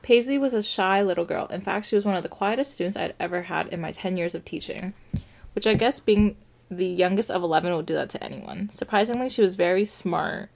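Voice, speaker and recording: A young woman reads a story aloud for a podcast in a relaxed way, tossing in offhand asides. Her voice sits low, with plenty of vocal fry. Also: a little fast. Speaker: podcast co-host reading a story. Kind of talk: casual story reading.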